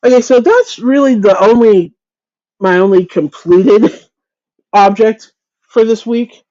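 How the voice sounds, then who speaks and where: A woman with a somewhat high, dark-toned voice speaks slowly over lo-fi audio. She hosts a casual crochet chat livestream, greeting viewers by name and chatting in a self-deprecating way. She often stumbles and restarts her sentences.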